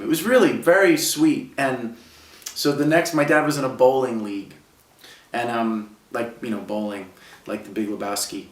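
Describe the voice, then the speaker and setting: A man's voice: mid-range voice, normal speed, far from the mic. A man in his thirties from Brooklyn, New York, a musician telling personal stories in a casual, heartfelt way. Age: 30s. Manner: casual, heartfelt, heavy use of "like". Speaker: musician guest. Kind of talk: reflective personal storytelling. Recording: roomy sound, speaker away from mic.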